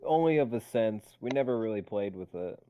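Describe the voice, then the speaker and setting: A man's voice: on the low side, animated, fairly quick, dark tone, muffled recording. A man playing in a tabletop game, chatting in a joking, offhand way. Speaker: player. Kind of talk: casual chat in a tabletop game.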